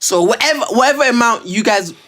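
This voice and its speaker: A man co-hosting a casual podcast, speaking English as a second language, animated and argumentative, laughing often. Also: very high voice, fast. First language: not English. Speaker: podcast co-host. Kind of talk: casual chat.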